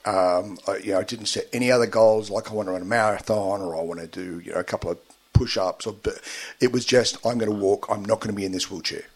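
A man, a guest in a radio studio interview, telling his story haltingly with many fillers and getting emotional at times. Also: lowish voice, fairly even intonation, slightly rough.

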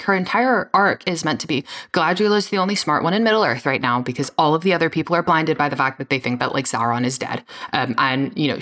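Co-host, female, low-pitched, exasperated profane ranter, casual delivery. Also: fairly bright tone. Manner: ranting, profane, sarcastic. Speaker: podcast co-host. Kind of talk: casual recap chat.

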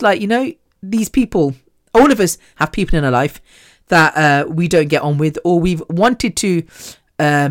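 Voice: medium pitch, no echo. Chatty podcast host, dry sound. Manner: chatty, rambling, self-deprecating, laughs often. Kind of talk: casual podcast monologue.

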